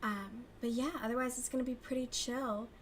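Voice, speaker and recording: A woman's voice: on the high side, fairly even intonation, brisk, slight background noise. Chatty, cussing young woman streamer. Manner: profane, gossipy, laughs often. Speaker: crochet livestream host. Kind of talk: casual chat with chat readers.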